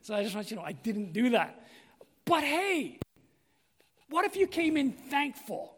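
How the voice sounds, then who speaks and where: High-voiced guy preaching, earnest, keeps asking the church stuff. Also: very animated, measured pace, a bit bright, slightly rough. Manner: earnest, asks the congregation questions. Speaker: pastor. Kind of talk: sermon.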